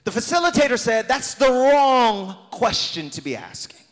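A man with a high voice preaches in a church sanctuary, his delivery swelling into a sung, shouting cadence. His voice rings through a long hall reverb. Soft music plays beneath him. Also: very animated, normal speed. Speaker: pastor. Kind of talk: sermon.

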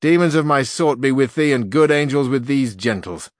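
A man's voice: mid-range voice, lively intonation, normal speed, no echo, clean studio sound, voice pushed up, natural voice. A man voicing a brusque demon courier with a harsh, discordant, formal delivery.

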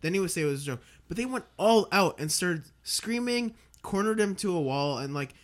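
A young man co-hosting a podcast in casual chat, halting and full of fillers. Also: high voice, animated. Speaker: podcast co-host.

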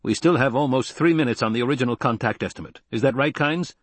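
A man's voice: mid-range voice, fast talker, no echo, lightly acted. A man voicing a composed, commanding nobleman who speaks firmly and with authority. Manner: firm, authoritative, flat when angry. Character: commanding, composed male nobleman pilot, middle-aged.

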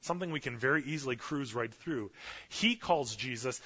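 Animated preacher in a reverberant hall. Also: male voice, medium pitch, moderate pace, slightly rough. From Canada. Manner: animated storytelling preacher, casual fillers. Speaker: pastor. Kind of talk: sermon. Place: church sanctuary. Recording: dull lo-fi audio with long church reverb.

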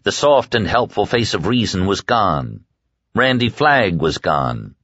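A man narrating a horror audiobook in a dramatic, expressive storytelling manner. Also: lowish voice, unhurried, dry recording, lo-fi sound. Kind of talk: scripted narration.

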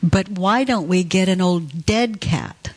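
A woman leading a group workshop, speaking gently and coaxingly to participants and calling them honey. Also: lowish voice, takes it slowly, noisy background. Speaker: workshop leader.

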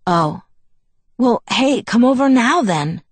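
A woman's voice: mid-range voice, expressive, normal speed, husky, dry recording. A woman voicing a moody teenage boy on the phone, scornful and cutting. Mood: eager. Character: young man, moody teen friend, bitter and blunt.

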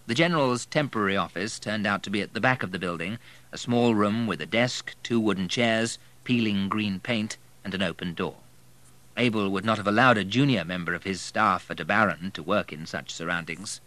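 A man reading a novel aloud in a measured, scripted narration style, recorded close to the mic. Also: fairly low pitch, sharp tone. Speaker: audiobook narrator.

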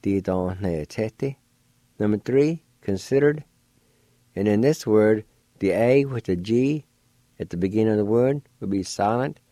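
A man teaching a spelling and pronunciation lesson, slow and careful, repeating each word. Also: lowish voice, mellow, no room sound. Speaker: language teacher and radio host.

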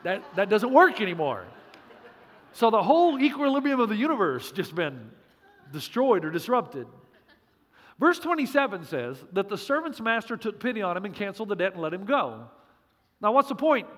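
A man's voice: very high voice, big pitch swings, fairly quick, fairly bright tone, big-room sound. A man preaching a sermon as pastor, punchy and joking, with emphatic repeats.

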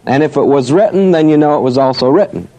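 A man leads a Bible study, thinking out loud by posing questions to himself and answering them, and he reads verses in a slow, stretched-out rhythm. His voice sits a little high, animated but dark in tone, and the recording quality is poor.

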